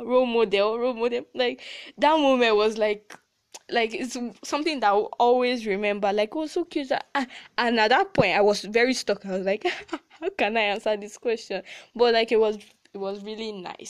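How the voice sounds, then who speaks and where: A teenage girl with a Nigerian accent hosts her own podcast in a loose, casual chat. She talks in a chatty, heartfelt way, leaning on "like" and "um" as she goes. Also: medium pitch. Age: teens. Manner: chatty and emotional, frequent "like" fillers and laughs. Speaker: podcast host.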